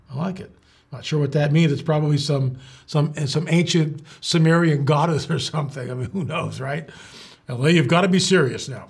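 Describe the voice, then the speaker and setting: A man's voice: a little high, husky. A man hosting his show, talking in a sarcastic, incredulous monologue with many fillers and restarts. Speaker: show host. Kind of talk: casual commentary monologue.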